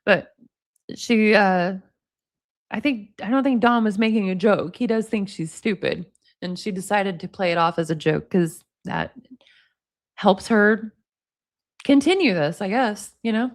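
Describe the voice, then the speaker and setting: A woman's voice: mid-range voice, a little slow, long pauses. A woman in her forties doing casual livestream commentary, reading comments and texts aloud with frequent laughs and chatty asides. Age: 40s. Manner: reads chat comments and text messages aloud, laughs often, chatty asides.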